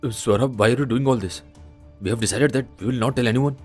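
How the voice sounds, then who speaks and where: An actor playing a guilty, cheating husband who sounds flustered and pleading. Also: male voice, mid-range voice, fast talker, faint music behind, natural voice.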